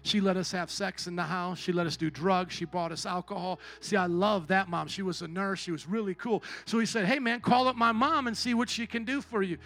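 A male pastor delivers a sermon at a church service. His voice sits high and rings bright, dropping into quiet storytelling and then rising to shouted calls to the congregation. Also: steady tone, fairly quick, hardly any pauses, faint music behind. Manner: preaching with big swings between quiet storytelling and shouting.

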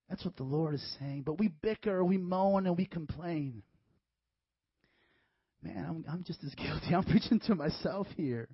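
A lively young-adult pastor's sermon, delivered by a man whose pitch climbs high and swoops all over as he acts out little voices and jokes. His voice is a touch husky, the sound dry and a little dull. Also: a little slow, no room sound. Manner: animated, acts out voices, jokey asides. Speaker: youth pastor. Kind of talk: casual sermon.

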